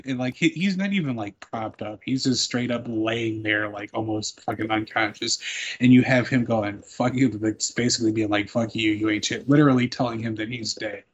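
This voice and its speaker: A man with a lowish voice retells wrestling moments with amused, profane enthusiasm. The sound is dull and lo-fi, with faint hiss behind it. He speaks casually with a co-host. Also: moderate pace. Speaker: podcast co-host. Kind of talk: casual wrestling recap chat.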